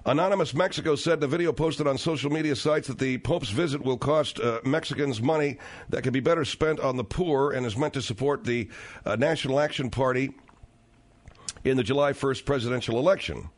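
A man's voice: medium pitch, fairly quick. A male radio talk show host reading and riffing on the news in a wry, sarcastic, slangy way.

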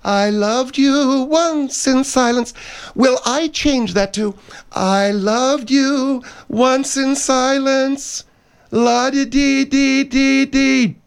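A man plays a vain older woman singer in a comedy bit, holding forth in a high, pompous voice. She is theatrical and rambling, and sure of her own talent. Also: animated, a little fast. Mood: haughty. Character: vain, haughty older woman singer, a self-styled diva. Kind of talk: comedy sketch.

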